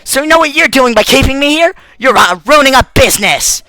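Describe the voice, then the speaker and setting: A man voicing a bratty waitress robot girl in a game, shrieking insults with a high, bright voice that leaps all over the place, dry and close. She's quick to boil over and never backs down. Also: expressive, dry recording, heavily acted. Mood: indignant. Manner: shrill, shouting insults. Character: bratty hot-tempered female waitress robot. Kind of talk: fan dub of a game's text.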